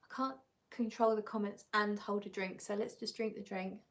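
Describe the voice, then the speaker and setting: A woman's voice: mid-range voice, fairly even intonation, normal speed. A woman hosting a live stream, chatting casually as she reads out viewer comments, giggly and often correcting herself. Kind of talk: casual chat.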